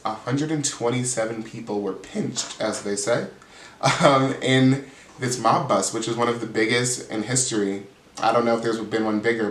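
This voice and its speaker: A man's voice: medium pitch, fairly bright tone, slight background noise. Chatty gossipy man recapping. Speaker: reality TV reviewer, channel host. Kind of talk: casual recap chat. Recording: roomy sound, distant mic.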